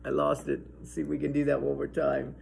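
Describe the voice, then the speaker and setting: A man hosting a casual science demonstration and pep talk, excitable and enthusiastic, often breaking into laughs. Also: on the high side, fairly quick, creaky, slightly rough. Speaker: science video host.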